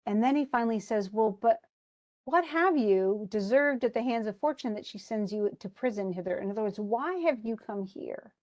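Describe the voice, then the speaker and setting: A woman's voice: on the high side, animated, normal speed, a little mellow. A woman teaching a lesson, retelling a play scene by scene and paraphrasing its lines in everyday speech, with many fillers.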